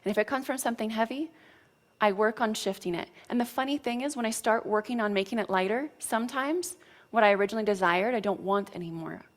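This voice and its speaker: A woman works as a spiritual coach, giving a motivational teaching talk in a frank, casual style with some mild cursing and frequent check-ins with her listeners. Her voice is mid-range and she talks quickly.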